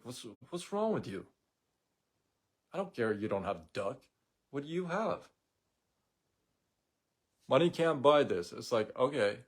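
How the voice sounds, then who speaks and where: Male host, unhurried sarcastic rant, plain mid voice. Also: mid-range voice. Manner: opinionated, blunt and sarcastic. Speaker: host of a daily live show. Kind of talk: casual monologue rant.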